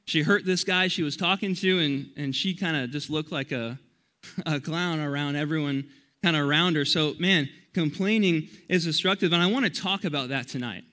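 A young man preaching as a youth pastor at a church youth service. He talks in an energetic, chatty way and often restarts his sentences while he tells stories. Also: fairly high pitch, normal speed. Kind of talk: youth sermon with storytelling.

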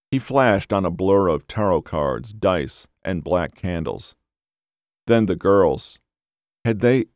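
A man narrating a dark novel as an audiobook, in a measured, unhurried way. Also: sits low, no room sound, studio quality.

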